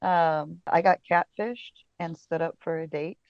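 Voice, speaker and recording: A woman's voice: deep voice, fairly even intonation, unhurried, gravelly, no echo. Woman, podcast guest, casting director, chatty, storytelling, filler-heavy, laughs often, dry slightly dull audio. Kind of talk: casual interview chat.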